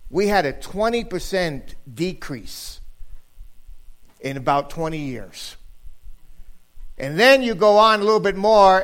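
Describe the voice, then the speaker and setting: Joking preacher man, slightly high voice. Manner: joking, conversational, rising to emphatic preaching. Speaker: guest preacher. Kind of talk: sermon.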